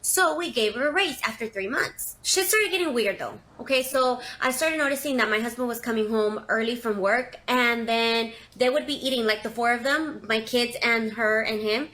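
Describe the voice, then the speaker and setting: A woman's voice: fairly high pitch, normal speed, hardly any pauses, pushed and bright. A young woman telling a confession story in a casual, chatty, dramatic way, with lots of fillers. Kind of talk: casual first-person storytelling.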